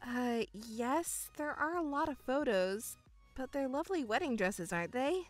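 A woman voicing a patient young woman, an elder daughter, speaking in a restrained, exasperated and quietly sarcastic way. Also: high-pitched, lively intonation, unhurried, soft background music. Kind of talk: voiced story narration.

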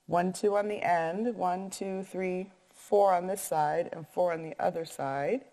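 A woman teacher reading a picture book aloud and pausing to count and ask math questions in an echoey room. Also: on the low side, steady tone, warm tone.

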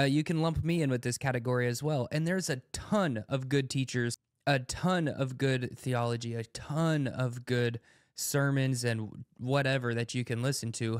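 A man's voice: mid-range voice, clean tone, no echo, studio quality. A man who preaches, hosting a podcast in a casual, conversational way and repeating phrases for emphasis.

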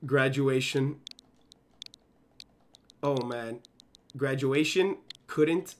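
A man in his twenties streaming a game live, chatting excitably to his viewers and constantly cutting himself off with "hold up". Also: fairly high pitch, normal speed. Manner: excitable, fidgety, keeps saying "yo" and "hold up". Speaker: gaming streamer. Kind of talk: casual live-stream chat while playing.

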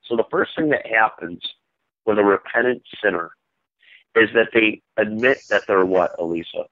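A man's voice: fairly low pitch, moderate pace, no room sound. Man, Bible study host, asks questions, casual, muffled lo-fi, dry. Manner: questioning, prompts listeners for answers. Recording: dull, dry lo-fi sound.

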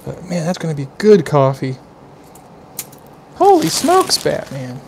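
Speaking at a moderate pace in a slightly high voice with vocal fry, a man hosts an informal live stream. He enthuses over each flavor and aroma and chats loosely with viewers in rambling asides. A faint hiss or hum lingers.

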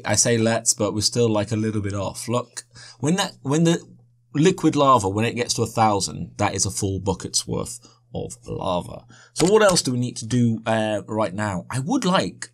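A man's voice: on the low side, lively intonation, moderate pace. A man giving rambling, self-correcting commentary over his own gameplay and chuckling often. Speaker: let's play host.

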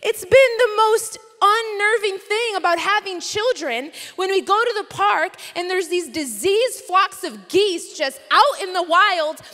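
A woman preaching at a conference, telling a funny story with lively, animated delivery. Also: very high-pitched, measured pace, few pauses, long reverb tail. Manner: animated, comic storytelling with laughs. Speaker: conference speaker. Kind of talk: storytelling sermon. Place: conference hall.

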